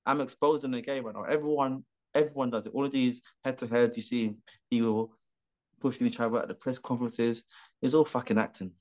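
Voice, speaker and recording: A professional boxer with a mid-range, slightly mellow voice talks a little fast with fairly even intonation. In a remote interview over a video call, he rambles animatedly, restarting and swearing, and the audio is dull and lo-fi.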